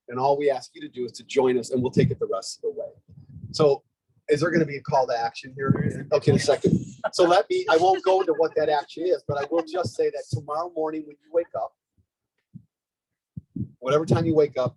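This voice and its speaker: A man giving a lively, conversational speech to a live audience at a community organizing event, often checking in with "okay?" and "right?". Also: fairly high pitch, gravelly, a little hiss or hum, low-quality recording. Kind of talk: energetic storytelling speech.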